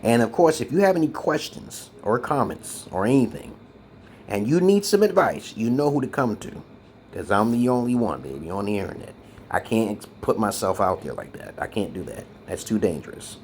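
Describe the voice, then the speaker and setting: A man of about fifty from Brooklyn, delivering a mocking, laugh-studded rant to his viewers that swings from loud outbursts to muttered asides. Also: on the low side, big pitch swings, normal speed, slight background noise. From Brooklyn, New York. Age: around 50. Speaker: social media commentator. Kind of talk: ranting monologue to viewers.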